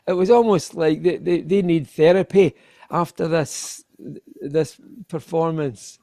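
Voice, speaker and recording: Gravelly-voiced Scottish man, rambling chat. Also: on the high side, a little slow, warm tone, no echo, clean studio sound. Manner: rambling, with frequent restarts. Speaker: guest, keyboardist. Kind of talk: casual interview chat.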